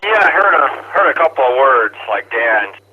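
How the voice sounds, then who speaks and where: A man's voice: mid-range voice, very animated, moderate pace, a little hiss or hum. A man checking in to an amateur radio net, chatting in a rambling, amused way. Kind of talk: casual chat over the radio. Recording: tinny two-way radio audio.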